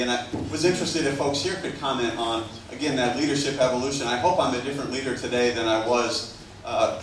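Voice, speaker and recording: A man's voice: medium pitch, a little hiss or hum. Reflective man asking from the floor. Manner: thoughtful, reflective questioner. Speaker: audience member asking a question. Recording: very echoey hall from far off.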